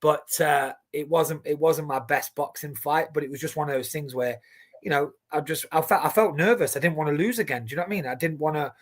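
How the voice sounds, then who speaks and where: A man in his forties, an animated storyteller who swears freely and restarts his sentences often, chatting casually on a boxing stream. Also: a little high, a little fast. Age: 40s. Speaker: boxing watchalong co-host. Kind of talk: casual chat.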